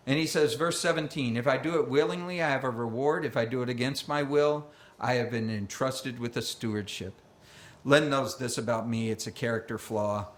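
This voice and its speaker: A man's voice: mid-range voice, moderate pace. A man preaching a conversational sermon, chatty and self-deprecating, acting out quoted voices along the way. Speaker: pastor. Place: church sanctuary. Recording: roomy church sanctuary echo.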